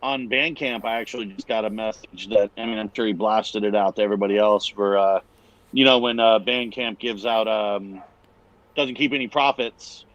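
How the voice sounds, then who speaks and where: A man's voice: fairly low pitch, fairly even intonation, normal speed, fairly bright tone, dry recording, lo-fi sound. A man from the Bay Area co-hosting a podcast, talking casually with many fillers. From San Francisco Bay Area. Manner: rambling, hesitant, many fillers. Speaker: podcast co-host. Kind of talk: casual chat.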